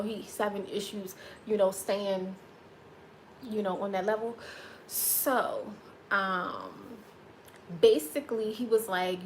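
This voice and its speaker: A woman's voice: mid-range voice, slight background noise. Chatty woman hosting a livestream. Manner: chatty and playful, reads out viewer comments. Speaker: livestream host. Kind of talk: casual livestream chat with viewers.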